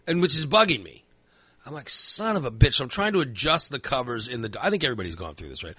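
Man, bright dry voice, rambling casual storyteller who swears a lot. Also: medium pitch, sing-song, quick pace, husky, no echo. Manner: rambling storyteller, filler-heavy, swears freely. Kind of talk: casual chat.

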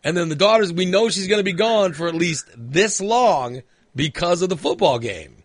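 A man's voice: high-pitched, lively intonation, moderate pace, no echo. A man in his forties telling a long, rambling story in casual chat, full of fillers and restarts. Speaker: storyteller in a conversation. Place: indoors at a computer.

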